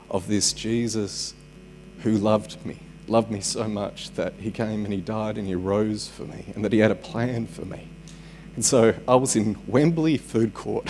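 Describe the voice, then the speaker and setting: A man's voice: lowish voice, vocal fry, a little mellow, slight background noise. A man preaching a sermon at a church service, conversational and dropping joking asides. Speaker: pastor.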